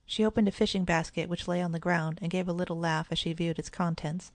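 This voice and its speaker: A woman narrating a children's audiobook in an even, clear storytelling manner, close to the mic. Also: lowish voice, fast, no echo.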